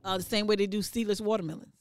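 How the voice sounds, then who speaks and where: A woman in a casual chat, tossing in quick, wry remarks. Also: mid-range voice, steady tone.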